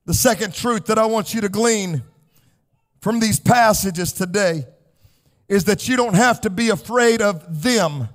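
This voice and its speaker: Male pastor, very high voice, passionate church sermon with shouting and singsong cadence. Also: measured pace. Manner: impassioned preaching, rising to shouts and sung cadences. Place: church sanctuary.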